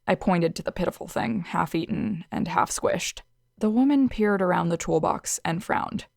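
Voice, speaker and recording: Dry-voiced woman narrating with gravelly edges. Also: on the low side, normal speed, darkish tone, dry recording. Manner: dry, sarcastic. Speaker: audiobook narrator. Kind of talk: first-person story narration.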